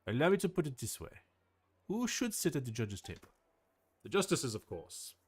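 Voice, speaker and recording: Fussy game shopkeeper in a hammy French accent, as a male streamer puts him on, swooping pitch. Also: sing-song, moderate pace, slightly rough. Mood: theatrical. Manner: theatrical, mock-French reading.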